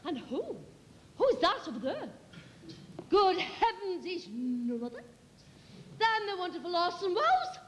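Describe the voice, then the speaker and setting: A woman comedian on a theatre stage, introducing her impressions with brisk, mock-grand showbiz patter. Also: extremely high pitch, sing-song, in a large hall, noisy background. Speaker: comedian performing a one-woman show. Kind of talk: live stand-up with impressions.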